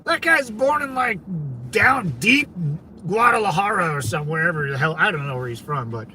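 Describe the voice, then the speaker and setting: A man's voice: high-pitched, lively intonation, a little fast, bright, forceful tone, a little hiss or hum. A man from California hosting a casual livestream, rambling conversationally and talking back to his viewers, with lots of "man" and "dude". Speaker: livestream host.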